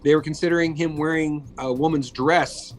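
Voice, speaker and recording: Man, 50s, interview guest; chatty, rambling delivery with fillers, fairly high voice, faint music underneath. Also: fairly even intonation, moderate pace, poor audio. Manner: chatty, many fillers and restarts. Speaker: guest, makeup effects artist. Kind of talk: casual interview storytelling.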